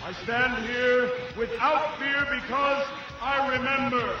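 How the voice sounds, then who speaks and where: A defiant resistance leader, loud score behind. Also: male voice, extremely high pitch, fairly even intonation, slow pace, music in the background. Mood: rousing. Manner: solemn, building to shouts. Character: defiant male resistance leader rallying troops. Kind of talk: rousing film speech. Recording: dull roomy film audio over loud score.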